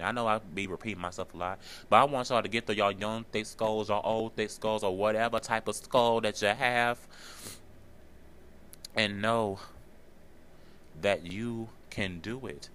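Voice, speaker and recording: A man's voice: lowish voice, steady tone, unhurried, a bit bright. Earnest man talking on his podcast. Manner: earnest, encouraging, repeats himself for emphasis. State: tearful at times. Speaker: podcast host. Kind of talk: solo podcast monologue.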